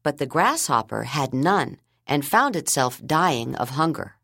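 A woman voicing a kind, patient schoolteacher in an audiobook, speaking gently and reassuringly. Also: low voice, sing-song, measured pace, gravelly, dry recording, studio quality, heavily acted. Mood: gentle. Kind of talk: audiobook character reading.

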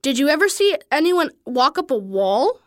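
An eager, bold young boy inventor, as a woman reading a storybook puts him on. The voice sits high and swoops lively over each line, recorded dry and close. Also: moderate pace, no echo.

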